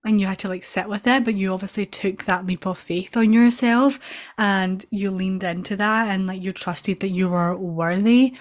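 A woman's voice: medium pitch, fairly even intonation, moderate pace. Woman host asking winding questions. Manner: reflective, winding questions full of "like" fillers. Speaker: podcast host, business coach. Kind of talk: conversational interview questions.

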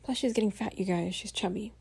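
Speaking fast at a middling pitch, a weary podcast host vents in a chatty spoken-diary style, packed with fillers and the occasional swear word. Her tone is mellow and a bit husky. She records at home on a voice setup.

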